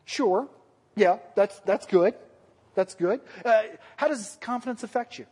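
A man's voice: high voice, measured pace, darkish tone, slightly rough. Man preaching in a reverberant hall. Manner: conversational, self-deprecating, questions the congregation. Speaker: pastor. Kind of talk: sermon. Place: church hall with a congregation.

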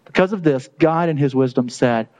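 A man's voice: medium pitch, moderate pace, a little mellow, poor audio. A man preaching a sermon in a conversational, joking way, laughing at his own asides. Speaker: pastor.

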